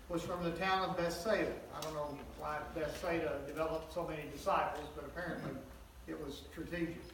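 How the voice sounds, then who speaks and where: A man's voice: fairly high pitch, a bit bright, a little hiss or hum. A man preaching a sermon, retelling scripture in a folksy, conversational way with joking asides. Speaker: pastor. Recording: echoey hall, mic at a distance.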